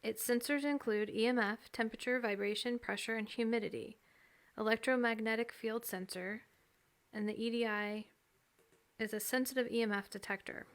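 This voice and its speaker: Female co-host for a casual chat podcast, higher-pitched, eager and explanatory. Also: fairly even intonation, normal speed. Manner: enthusiastic, explaining.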